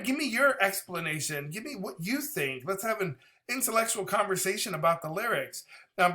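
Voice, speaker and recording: A man in his thirties hosting a music reaction channel, chatting casually and animatedly. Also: high-pitched. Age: 30s. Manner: animated, talkative, breaks into impressions. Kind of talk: casual reaction vlog chat.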